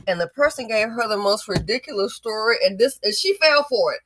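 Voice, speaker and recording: A woman's voice: mid-range voice, expressive, a little fast, few pauses, a bit bright, dry recording. A woman giving commentary and advice straight to her viewers, emphatic and preachy. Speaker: vlogger, business owner.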